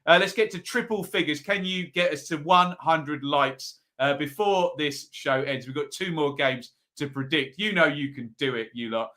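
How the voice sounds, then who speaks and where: Male host, bright-toned, casual live-chat delivery, reads comments aloud. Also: a little high. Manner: chatty, reads out viewer comments, quick asides. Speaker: football predictions show host. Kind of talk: live-stream chat with viewers.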